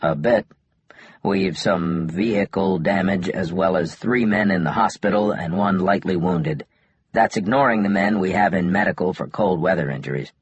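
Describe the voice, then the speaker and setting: A man voicing a frustrated male army captain, answering in low, terse military replies. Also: normal speed, slightly rough, dry recording, dull audio.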